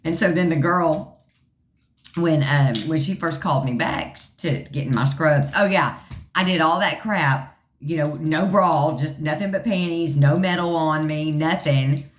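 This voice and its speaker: A chatty woman vlogger tells a story to her viewers, joking as she goes. Her voice sits low, and the room around her rings with echo. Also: unhurried. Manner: chatty, joking, acts out quotes in a high voice. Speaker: vlogger sharing her health journey.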